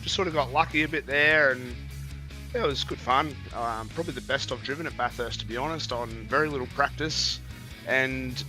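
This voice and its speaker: An Australian man with a cold, a racing driver chatting casually after a race, relaxed and grateful. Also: mid-range voice, fairly quick, over music. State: has a cold. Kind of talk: casual post-race chat.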